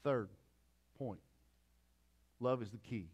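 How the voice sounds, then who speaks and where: A man's voice: medium pitch, takes it slowly, a little mellow, husky. A middle-aged pastor preaching a conversational sermon with repeated phrases and asides to his congregation.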